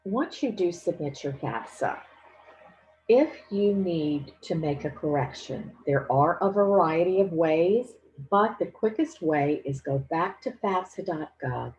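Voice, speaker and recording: A woman giving a financial aid presentation, explaining each step clearly and patiently. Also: lowish voice, expressive, measured pace, darkish tone, muffled recording, a little hiss or hum. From Louisiana. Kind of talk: instructional presentation.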